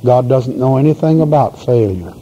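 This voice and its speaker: A man's voice: medium pitch, animated, moderate pace, mellow. A male pastor preaching a sermon in a folksy, emphatic storytelling manner. The voice is heard on a dull, lo-fi recording with faint hiss.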